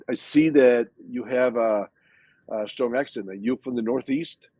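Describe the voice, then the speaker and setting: Husky older man telling stories with many restarts. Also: medium pitch, no echo, low-quality recording. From Hispanic background, from a Spanish-speaking country. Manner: animated storytelling with frequent restarts and repeated words. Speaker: guest speaker. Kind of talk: casual interview answers.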